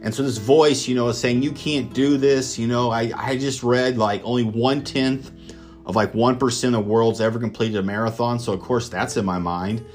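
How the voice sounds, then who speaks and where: A man's voice: mid-range voice, steady tone, brisk, soft background music. A man from Kansas telling a motivational personal story in an enthusiastic, conversational way, with lots of fillers. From Kansas, United States. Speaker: speaker sharing his story.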